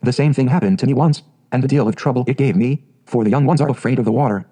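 Know-it-all old hen duck, bossy, mellow tone, read by a man. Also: medium pitch, quick pace, slightly rough, close to an everyday voice. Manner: know-it-all, advice-giving.

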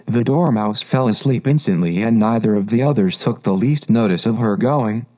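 A man reading a children's classic aloud as narrator, measured and gentle. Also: fairly low pitch. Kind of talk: storybook reading.

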